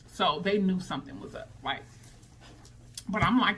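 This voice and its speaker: A woman vlogger telling a personal story in a casual, animated, dramatic way, full of slang. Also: on the low side, moderate pace, pauses often, slightly rough.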